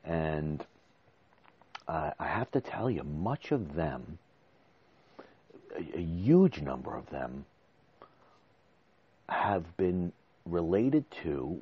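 Deep-voiced emotional man podcasting. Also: highs cut off, slight background noise. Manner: emotional, repeats words and restarts. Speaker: podcast host. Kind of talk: casual monologue. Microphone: desk microphone.

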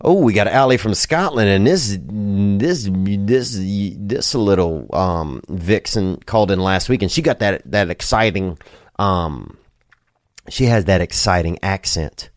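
Low-voiced drawling man hosting a podcast. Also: animated, a little slow, no room sound, studio quality. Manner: loose, drawling, joking, swears casually. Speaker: podcast host. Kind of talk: casual rambling podcast talk.

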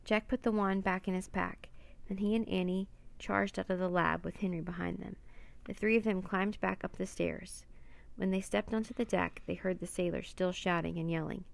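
A woman reading a children's chapter book aloud, steady and clear. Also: lowish voice, moderate pace. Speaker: narrator. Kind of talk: storybook read-aloud.

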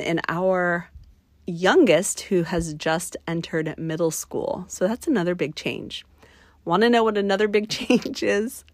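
A woman's voice: lowish voice, no echo, studio quality. A woman in her forties hosting her own podcast in a chatty, conversational way, her throat scratchy and a bit nasal. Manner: chatty and warm, with fillers and asides to listeners. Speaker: podcast host. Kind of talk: casual solo podcast chat.

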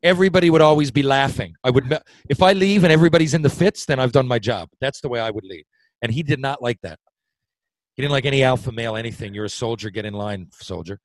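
A middle-aged man, a former hockey player, telling a story in a casual chat, animated and swearing freely. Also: mid-range voice, quick pace, no echo, low-quality recording. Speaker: retired hockey player, podcast guest storyteller.

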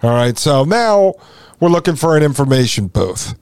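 Rambling podcast host telling a story. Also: male voice, fairly high pitch, very animated, normal speed, darkish tone, clear, resonant tone, dry recording, clean studio sound. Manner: rambling, conversational, with frequent fillers and asides. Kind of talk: casual monologue storytelling.

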